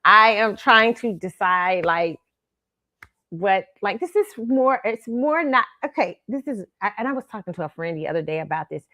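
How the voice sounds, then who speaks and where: A woman's voice: medium pitch, expressive, moderate pace, bright, forceful tone, dry recording. A woman hosting her own show in casual chat, talking chattily and laughing often between phrases. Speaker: host.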